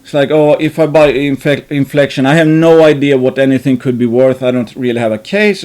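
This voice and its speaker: A man's voice: medium pitch, a little fast, hardly any pauses, a little mellow. Rambling man musing on investments. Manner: rambling, many restarts and fillers, casual swearing. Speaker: investing channel host. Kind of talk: thinking aloud about investing.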